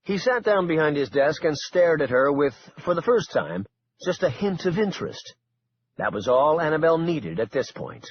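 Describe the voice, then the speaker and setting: A man narrating a suspense audiobook in an expressive, dramatic way. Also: a little high, normal speed, highs cut off, slight background noise.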